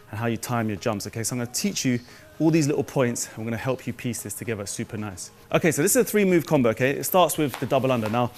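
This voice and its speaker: Upbeat jump rope coach. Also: male voice, mid-range voice. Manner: upbeat, hyped, addresses viewers as guys. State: a little out of breath. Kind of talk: energetic fitness tutorial.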